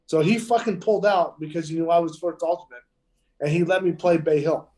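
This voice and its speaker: A man's voice: fairly high pitch, fairly quick, a little mellow. A man, a professional golfer, telling stories in casual podcast chat, emphatic and heavily profane. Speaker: pro golfer guest. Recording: echoey room.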